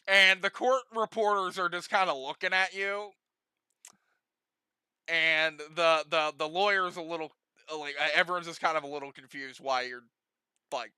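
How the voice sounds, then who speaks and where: A man's voice: on the high side, pushed and bright, clear, resonant tone, no echo. A young man running a homebrew tabletop game as game master, giggly and rambling with many restarts.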